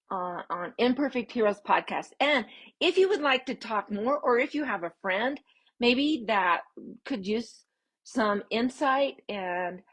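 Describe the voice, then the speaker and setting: Expressive woman hosting a live video. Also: medium pitch. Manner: expressive, swooping upbeat emphasis with laughs. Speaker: podcast host and parenting coach. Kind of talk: casual live-stream talk to viewers.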